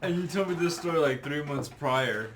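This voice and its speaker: A man's voice: a little high, expressive, moderate pace, very noisy. A man co-hosting a casual podcast, telling a story between bursts of laughter. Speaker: podcast co-host.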